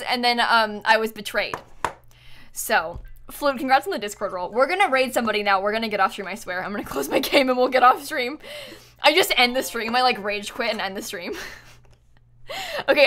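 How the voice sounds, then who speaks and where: A woman live-streaming a video game, chatting with viewers in an excitable, dramatic, giggly way. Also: fairly high pitch, a little hiss or hum. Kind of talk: live-stream chat while gaming.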